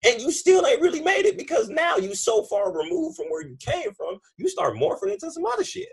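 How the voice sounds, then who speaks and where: A man's voice: very high-pitched, fairly quick, gravelly. A man hosting a podcast, talking in a casual, emphatic way full of slang and swearing. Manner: animated, emphatic, profane slang. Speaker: podcast host. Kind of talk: casual conversation.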